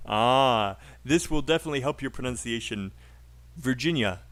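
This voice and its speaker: A man's voice: medium pitch, lively intonation, normal speed, fairly bright tone. A man teaching a live online English speaking class, patiently coaching a student's pronunciation.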